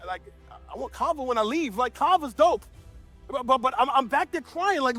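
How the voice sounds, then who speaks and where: A man's voice: extremely high pitch, lively intonation, moderate pace, bright, forceful tone, faint music behind. A man preaching a sermon as pastor to a church gathering, impassioned, often stammering and restarting mid-sentence.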